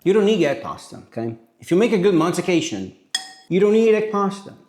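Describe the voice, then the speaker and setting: A man's voice: sits high, big pitch swings, fairly quick, a little mellow. A man from Italy, cooking on camera in a playful, exclamatory way. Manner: playful, exclamatory, self-mocking. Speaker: home cook. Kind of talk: cooking demonstration.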